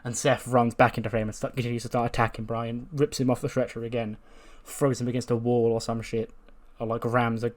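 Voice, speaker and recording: A man's voice: mid-range voice, little pitch movement, a little fast, hardly any pauses. A man casually narrating a wrestling sim game, rambling with frequent fillers and the odd swear. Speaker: gaming video host. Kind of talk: casual let's play commentary.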